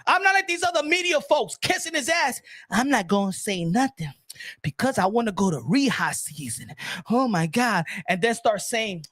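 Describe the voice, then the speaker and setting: Guy yelling about boxing, high bright voice, dry room. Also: big pitch swings, normal speed, no echo. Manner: loud, profane, switching into Spanish. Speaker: boxing commentator. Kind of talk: ranting boxing commentary.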